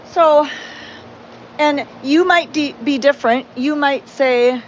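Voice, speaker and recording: A woman's voice: sits high, slow. Female sanctuary host on a live stream, rambling and heartfelt, greets viewers, lo-fi audio. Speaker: cat sanctuary owner hosting a livestream. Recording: dull lo-fi sound with faint background noise.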